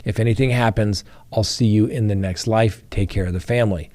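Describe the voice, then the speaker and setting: Here the crime show host's voice is fairly low and darkish, delivered briskly with a mostly even intonation. He talks directly to viewers, clarifying courtroom procedure and reciting trial testimony in an explanatory commentary.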